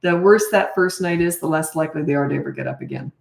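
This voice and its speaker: A middle-aged Canadian woman, a parenting coach, answers viewer questions on a casual livestream Q&A in a blunt, matter-of-fact way. Her voice is low and gravelly, and she talks fast. The room has a noticeable echo.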